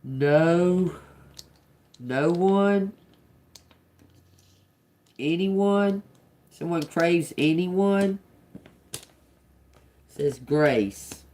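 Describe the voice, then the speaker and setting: Very slow, with long pauses and a dark tone, this woman's fairly low voice guides a live-streamed tarot reading. She sounds out single words as she muses, then breaks off into chatty, profane remarks and laughter.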